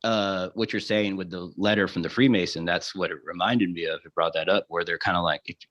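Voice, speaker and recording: Low-voiced guy rambling through a story, lots of restarts, muffled lo-fi sound. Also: steady tone, a bit bright. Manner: halting, full of restarts and quoted dialogue. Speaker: guest. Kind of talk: casual storytelling. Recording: dull lo-fi audio.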